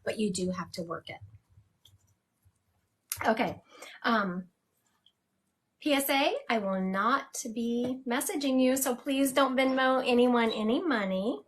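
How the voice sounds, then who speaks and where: A woman's voice: fairly high pitch, unhurried, pauses often, husky. A woman hosting a live stream as a psychic medium, chatting casually and laughing at herself.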